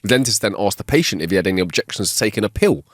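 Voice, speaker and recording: Man, podcast co-host, reads jokes in character, lively intonation, dry sound. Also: lowish voice, racing, no echo. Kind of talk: casual joke-telling chat. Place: home studio. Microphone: wireless clip-on mic.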